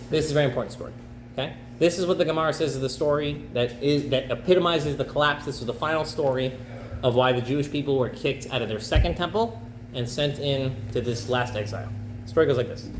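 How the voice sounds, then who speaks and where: A man, a rabbi, teaching a class and telling a story in a lively way, jumping into the characters' voices. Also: medium pitch, echoey room, a little hiss or hum, poor audio. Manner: animated, acts out characters in quick bursts. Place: campus center classroom.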